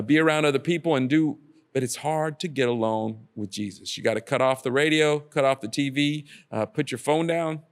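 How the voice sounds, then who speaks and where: Earnest man giving a casual sermon. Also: a little high. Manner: earnest, repetitive exhortations to the listener. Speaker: preacher.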